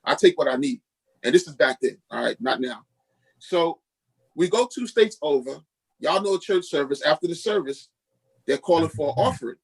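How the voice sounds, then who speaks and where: A man's voice: a little high, normal speed, creaky, husky, low-quality recording. A middle-aged man from Queens, a pastor and podcast guest, telling a personal testimony and acting out the voices of the people in it. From Queens, New York. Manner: lively storyteller who acts out quoted dialogue.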